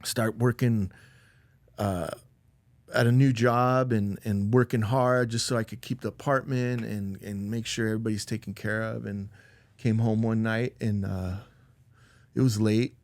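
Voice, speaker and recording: On the low side and darkish in tone, this man speaks unhurriedly with fairly even intonation, and there's no echo. As a podcast guest sharing a personal story, he's casual and rambling, full of "like" and "dude," and he performs quoted lines louder.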